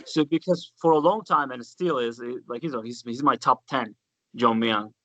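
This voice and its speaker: A man, a guest bassist, chatting casually and telling rambling stories with many restarts. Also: moderate pace, pushed and bright, low-quality recording. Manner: rambling anecdotes full of restarts, "dude" and "man". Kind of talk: casual chat.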